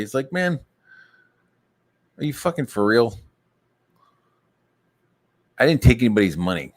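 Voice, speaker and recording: A man ranting angrily on a stream, swearing constantly and mocking others in squeaky put-on voices. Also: sing-song, a little slow, pauses often. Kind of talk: profane ranting monologue.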